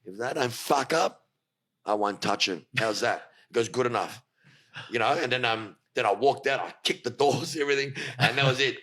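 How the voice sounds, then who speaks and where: A man telling a story as a podcast guest, animated, swearing freely and acting out what others said. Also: mid-range voice, normal speed. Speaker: guest, fight coach.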